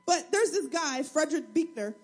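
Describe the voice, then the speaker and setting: A woman with a high voice delivers a sermon built around her own family story. She talks in an animated, humorous way, swinging between loud emphatic passages and quiet asides. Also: normal speed. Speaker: preacher; single mother of two.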